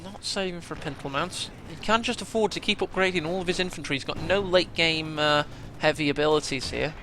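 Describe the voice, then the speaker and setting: A man casting a strategy game match, chatty play-by-play that bursts into excitement at big moments. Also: fairly high pitch, fairly quick, slight background noise. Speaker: game caster.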